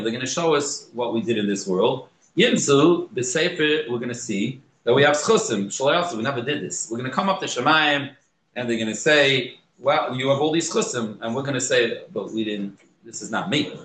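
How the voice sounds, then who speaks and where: A man teaching a study group, acting out the story's dialogue with sudden pitch jumps, restarting his sentences and translating each quoted line. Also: a bit bright, echoey room, rough recording. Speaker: Torah class teacher.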